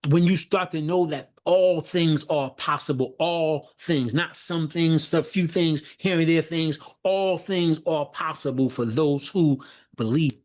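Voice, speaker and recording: A man's voice: fairly high pitch, unhurried, darkish tone. A middle-aged man coaching on leadership with a slightly raised voice. He drives points home through repetition and a preacher-like rhythm, often restarting sentences. He sounds like he is on a video call. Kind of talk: motivational talk.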